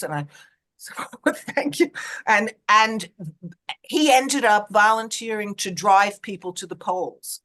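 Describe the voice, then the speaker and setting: Lively New York woman telling a story. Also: mid-range voice, slow pace. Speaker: panelist, volunteer canvasser. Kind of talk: storytelling anecdote.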